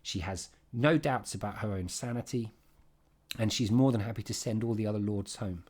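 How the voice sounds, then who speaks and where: A man giving an informal, emphatic revision lesson on a play, with quick asides and restarts. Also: on the low side, darkish tone. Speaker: English literature teacher.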